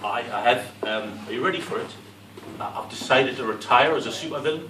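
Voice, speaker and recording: A man's voice: mid-range voice, a little fast, fairly bright tone, lightly acted. A man with a Scottish accent playing a crude, bragging middle-aged supervillain in a live comedy sketch, recorded in an echoey pub room from a distant mic with crowd noise. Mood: scornful.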